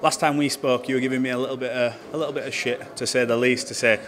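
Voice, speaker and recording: A man's voice: medium pitch, flat delivery, fast, few pauses. A man interviewing a boxer at an event, chatty and teasing, asking long rambling questions. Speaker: boxing interviewer. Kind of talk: casual interview. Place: busy boxing arena. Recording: loud arena crowd behind.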